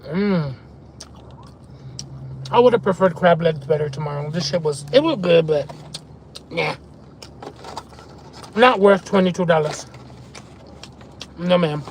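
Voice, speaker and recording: A man live-streaming a mukbang, telling stories excitedly with lots of swearing and chewing between lines, from a parked car. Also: fairly high pitch, takes it slowly, pauses often, a little hiss or hum, low-quality recording. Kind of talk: casual live-stream chat while eating.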